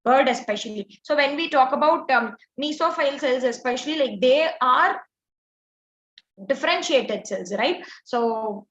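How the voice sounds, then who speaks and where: This teacher's high, expressive voice moves a little slowly and sounds a bit bright as she works through exam answers in detail. She says "like" and "uh" a lot, and the recording is echoey, dull and low quality.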